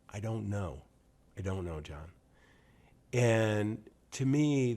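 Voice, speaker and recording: A man in his sixties from upstate New York, hosting a podcast and telling an earnest story with pauses and emphasis. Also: mid-range voice. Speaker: podcast host. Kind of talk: scripted-sounding monologue introducing a show.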